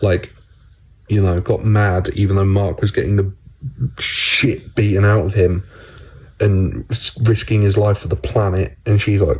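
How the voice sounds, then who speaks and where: A man's voice: on the low side, fairly even intonation, moderate pace, darkish tone, highs cut off. A man casually recapping a TV episode for his channel, rambling with lots of filler words and swearing.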